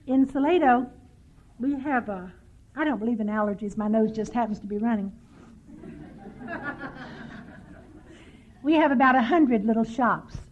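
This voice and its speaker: An older woman with a fairly high voice tells wry, self-mocking stories to a workshop crowd. The sound comes from a thin, tinny 1990s tape recording with the low end cut away. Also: a little slow, pauses often, slight background noise. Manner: dry self-mocking humor, storytelling. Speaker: workshop speaker. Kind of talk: recovery workshop talk.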